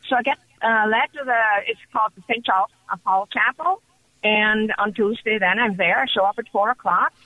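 Woman caller, bright forceful voice, excited storytelling, dull dry phone line. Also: mid-range voice, a little fast, no echo. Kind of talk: call-in radio story. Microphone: telephone.

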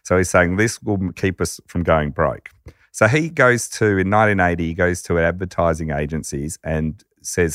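A podcast host telling a story conversationally, animated and acting out quotes. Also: male voice, low-pitched, normal speed, no echo, clean studio sound. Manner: animated narrator who acts out quotes.

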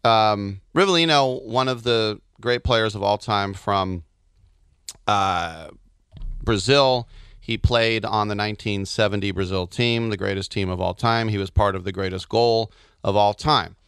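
A man co-hosting a podcast, telling animated stories in casual chat and slipping into silly voices. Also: lowish voice, a little slow, smooth, no echo, clean studio sound. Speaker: podcast co-host.

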